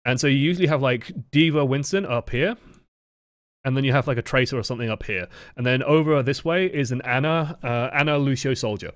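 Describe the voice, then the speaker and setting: A man's voice: medium pitch, a little fast, dry recording, studio quality. A man giving casual, profanity-laced esports analysis of match footage. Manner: casual, profane, lots of "like" fillers. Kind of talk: live match analysis commentary.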